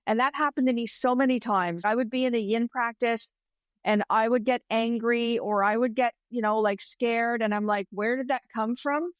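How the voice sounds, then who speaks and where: A woman's voice: fairly high pitch, fairly even intonation, moderate pace, clear, resonant tone, no room sound, studio quality. Candid woman in her fifties. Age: 50s. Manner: candid, storytelling, acts out her own inner voice. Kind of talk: casual podcast chat.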